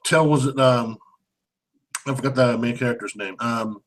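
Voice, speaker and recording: A man chats casually about a movie he finds ridiculous. He sounds amused and rambles, often restarting his sentences. His pitch sits in a middle range. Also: moderate pace, low-quality recording. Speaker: movie review co-host. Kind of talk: casual chat.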